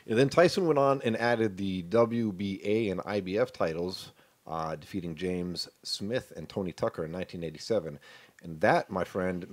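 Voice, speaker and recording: A man in his thirties co-hosting a podcast, telling stories in casual chat with lots of swearing and animated energy. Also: low-pitched. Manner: profane, animated storyteller. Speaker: podcast co-host.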